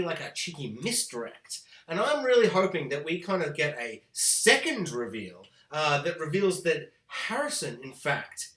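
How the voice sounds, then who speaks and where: Man, high bright voice, profane animated rant, echoey room. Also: moderate pace, hardly any pauses. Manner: animated, profane, exaggerated ranting. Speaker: TV review host. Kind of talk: ranting spoiler review.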